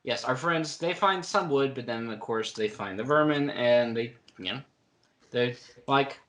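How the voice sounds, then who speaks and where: Male podcast co-host, sarcastic, teasing, bright forceful tone. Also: mid-range voice, measured pace. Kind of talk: casual book-club chat.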